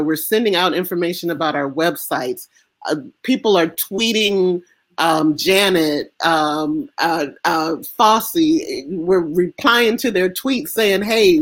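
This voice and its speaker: An American woman speaking as an interview guest, impassioned and emphatic, with halting restarts. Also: on the low side. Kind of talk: emotional interview conversation.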